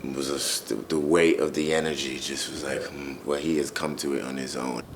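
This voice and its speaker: Very deep-voiced, halting reflective man. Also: flat delivery, a little hiss or hum. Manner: halting and reflective, many restarts. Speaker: roundtable panelist. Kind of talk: candid roundtable conversation.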